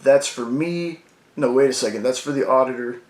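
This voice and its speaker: A man reading out the lines of a bureaucratic male demon in an offhand, quieter way. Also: medium pitch, moderate pace, natural voice. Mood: wry. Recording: roomy echo.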